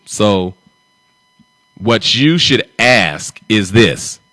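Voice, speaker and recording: A man's voice: lowish voice, lively intonation, extremely slow, bright, forceful tone, dry recording. A man hosting a live stream, talking in an emphatic, repetitive and confrontational way. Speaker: livestream host.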